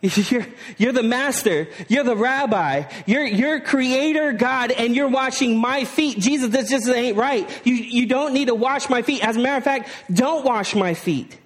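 An impulsive grown man blurts his words in casual slang, as a preacher acts him out. His voice sits fairly high, and he sounds eager, quick to object and quick to boast. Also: in a large hall. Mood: pleading. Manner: pleading, then boastful, with a casual modern slang delivery. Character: apostle Peter, adult man, impulsive and eager.

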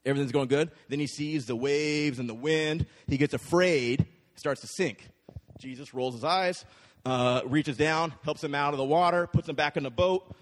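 Prediger mit Hall in einer Kirche. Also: male voice, fairly high pitch. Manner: conversational, checks in with the crowd with frequent "right?". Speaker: pastor. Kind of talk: sermon. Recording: long hall reverb.

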